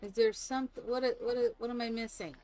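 A woman's voice: fairly high pitch, fairly even intonation, brisk, darkish tone. An older woman streaming a game, chatting casually, thinking aloud and cooing at her family. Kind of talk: casual gameplay chat.

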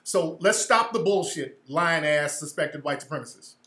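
A man rants on a livestream, cursing freely and mocking someone in a meek mimicking voice. His tone is bright and forceful. The sound carries a roomy echo. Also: on the high side, animated, normal speed. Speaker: host. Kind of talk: livestream commentary reacting to a clip.

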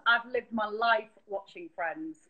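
A woman's voice: mid-range voice, measured pace, muffled recording. A woman chatting as a guest on a video call, talkative and teasing. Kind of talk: casual video-call chat.

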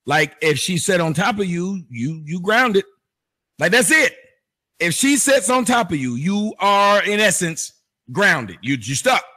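A man's voice: sits high, expressive, a little slow, pushed and bright. A man hosting a commentary show, mocking a played clip with jokes and sing-song emphasis. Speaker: show host.

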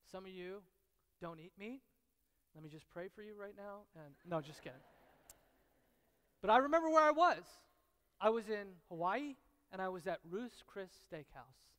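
Man, pastor, sermon, very high voice, hushed-to-loud swings, repetition and dramatic pauses, long reverb of a big church hall. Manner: swings from hushed, intimate lines to loud, excited bursts.

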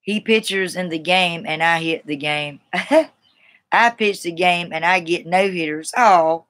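Slow-talking Southern woman live-streaming. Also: fairly low pitch, a bit bright. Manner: folksy, chatty, laughs easily. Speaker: livestreamer. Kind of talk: casual live-stream chat.

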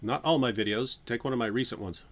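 A man hosting a casual live stream, chatting and joking, now and then breaking into silly high singing. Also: fast talker. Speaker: channel host.

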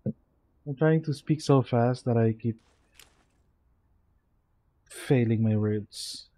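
A sleepy young man with a Filipino accent mumbles to himself while streaming a game, slipping into Tagalog now and then as he casually comments on the gameplay. His mid-range voice is mellow and his pace is slow.

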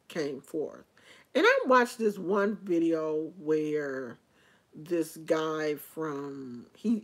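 A woman vlogger in casual chat, rambling and opinionated as she talks to her viewers. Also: fairly low pitch.

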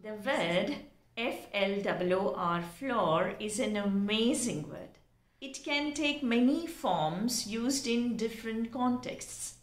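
Slow, careful teacher woman. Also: a little high, lively intonation. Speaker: English pronunciation teacher. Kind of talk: spelling out and explaining words. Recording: echoey room.

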